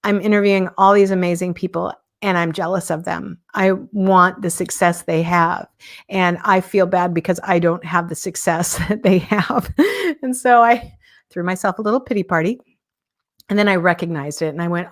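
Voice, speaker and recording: A woman's voice: lowish voice, normal speed. Woman, 50s, podcast host, casual live monologue, candid and self-mocking. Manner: candid, self-deprecating, chuckles often.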